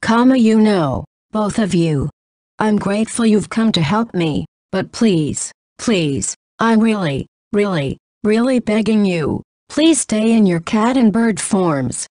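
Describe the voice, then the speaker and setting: A woman voicing a timid, shy young female mage who stammers and pleads, read in an even synthetic narration voice. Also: medium pitch, slow, no echo, studio quality. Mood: pleading. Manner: pleading, flustered.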